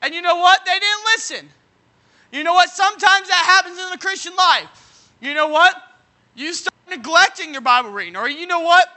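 A man preaching a sermon, leaning on folksy everyday examples and asking "you know what?" again and again, now and then breaking into shouts. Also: extremely high pitch, moderate pace. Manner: bursts into shouting at moments.

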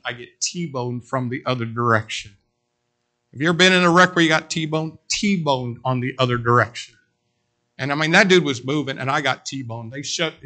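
A man preaching a sermon, telling a story in an animated way and speaking straight to his congregation. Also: medium pitch. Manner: animated, addresses the congregation directly.

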